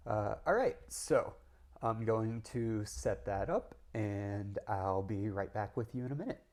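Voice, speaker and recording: A man's voice: lowish voice, expressive, measured pace, a little mellow. A young man talking casually to the camera, chatty and full of ums and restarts. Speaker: vlogger doing a design challenge.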